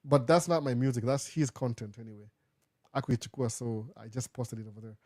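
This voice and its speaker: A Kenyan man hosts a casual live Q&A, answering viewer questions in English sprinkled with Swahili phrases. His medium-pitched voice is mellow and steady, moving fairly quickly, and the recording is dry.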